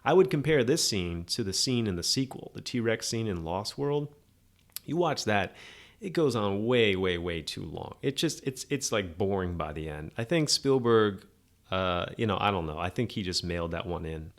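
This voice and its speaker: A man's voice: lowish voice, expressive, moderate pace. A man hosting a podcast, giving a rambling, sarcastic, opinionated movie review in a casual monologue. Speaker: podcast host.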